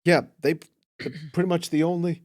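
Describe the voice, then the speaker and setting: A young man in his twenties, a podcast guest, hunting for words with lots of ums and restarts. His voice sits a little higher than most men's, and the sound is dry and close. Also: level tone, brisk, darkish tone, no room sound. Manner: hesitant, many fillers, earnest. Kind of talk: casual interview chat.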